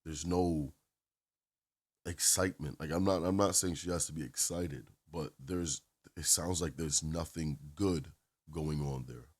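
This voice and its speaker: Male channel host, very deep bass voice, opinionated reaction commentary, repetitive emphasis. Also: measured pace. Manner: opinionated, repeats phrases.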